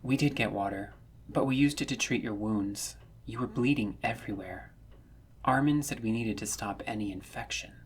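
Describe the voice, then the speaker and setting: A man voicing a quiet, guarded young woman soldier in a storybook reading, speaking softly and hesitantly. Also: lowish voice, normal speed, breathy edge. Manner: soft, subdued and hesitant.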